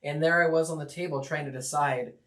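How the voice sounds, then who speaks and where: A man's voice: a little high, fairly even intonation, fast talker, a bit bright. A man with a Midwestern US accent, co-hosting a casual live stream at home, joking around and reading viewer comments. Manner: jokey, chatty, playful wordplay. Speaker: co-host reading the live chat.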